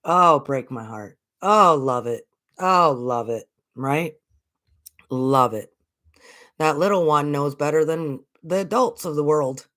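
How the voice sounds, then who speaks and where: A woman's voice: sits low, slow, fairly bright tone. An American woman hosting a spiritual channel, talking in a casual, earnest way and repeating her points for emphasis. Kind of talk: casual spiritual vlog talk.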